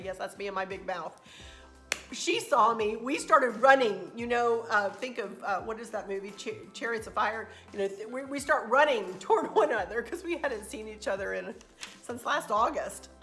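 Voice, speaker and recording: A woman with a fairly high, fairly bright voice hosts a casual travel recap vlog, telling stories in a chatty, rambling way and growing emotional as she goes. She is a craft channel host.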